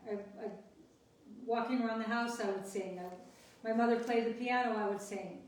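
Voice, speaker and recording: A woman in her seventies hosting a relaxed chat show, chatty and quick to laugh as she tells stories. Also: fairly high pitch. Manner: chatty, laughs easily, quick storytelling bursts. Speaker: host. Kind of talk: casual chat. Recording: distant echoey room with faint noise.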